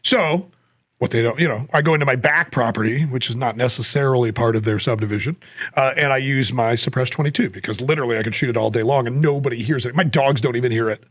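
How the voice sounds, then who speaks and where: A man's voice: medium pitch, fast. Rambling man on a podcast. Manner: rambling, joking, many fillers. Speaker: podcast co-host. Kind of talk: casual chat.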